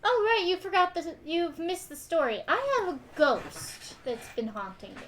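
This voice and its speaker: High-voiced woman playing a tabletop rpg, quick and exasperated, lots of pitch swing. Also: big pitch swings, a bit bright, a little hiss or hum. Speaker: player. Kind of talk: tabletop role-play, in character.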